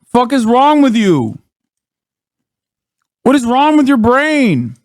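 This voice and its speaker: A man's voice: extremely high pitch, wildly swooping pitch, slow pace, darkish tone, no room sound, studio quality. A man live-streaming, ranting in blunt, profane casual commentary and mocking what he reacts to.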